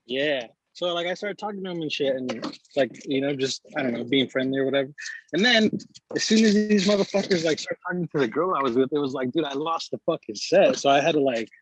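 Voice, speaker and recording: A man's voice: on the high side, fairly quick, slight background noise, low-quality recording. A man on a video call telling a casual story in loose slang, swearing often, and asking for advice.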